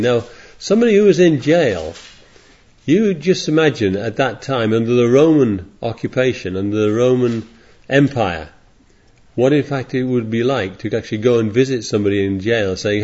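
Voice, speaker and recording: A man with a medium-pitched, slightly mellow voice preaches at an animated, normal pace to a congregation in California. His sermon wanders and digresses as he reads scripture aloud along the way, captured in a dull, lo-fi recording.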